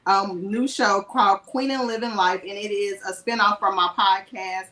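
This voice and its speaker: A woman's voice: mid-range voice, fairly even intonation, moderate pace, a bit bright. Upbeat New Orleans woman, echoey. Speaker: guest. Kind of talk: video call interview.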